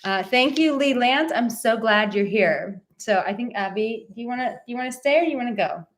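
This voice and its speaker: A woman's voice: fairly high pitch, expressive, brisk. A woman relationship coach in casual live-stream chat from a relative's home, bubbly and talkative, reading out viewer comments.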